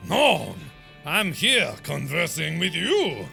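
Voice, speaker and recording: A man voicing a pompous, slow-talking male detective with a put-on French accent. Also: a little high, huge pitch swings, vocal fry, pushed and bright, soft background music, full character voice. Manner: slow, grand, theatrical.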